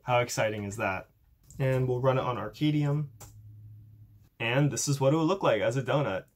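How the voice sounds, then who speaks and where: Young male YouTuber, casual upbeat demo voice, self-deprecating, mid-range pitch. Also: moderate pace. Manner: chatty, upbeat, self-deprecating, filler-heavy. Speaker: YouTuber demonstrating a coding project. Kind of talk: casual tech demo vlog.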